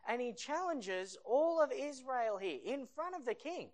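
Pastor preaching a sermon. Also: male voice, very high voice, very animated, moderate pace, few pauses. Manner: conversational preaching, rising loud for emphasis, dropping quiet and reflective.

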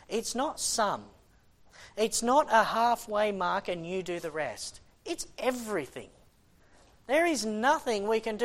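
A man preaching a sermon with fervent conviction. His delivery rises to loud, pleading bursts and then drops into quiet, sighing asides. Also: sits high, sing-song, a little slow, pauses often. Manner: impassioned, swings between loud exhortation and quiet, sighing asides. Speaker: missionary preacher.

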